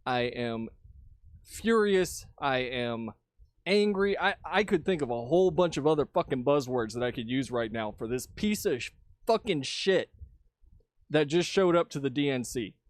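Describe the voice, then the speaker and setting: A man's voice: mid-range voice, expressive, normal speed, dry recording, studio quality. A young Texan man giving a heated, profane political rant to his camera. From Texas. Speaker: vlogger.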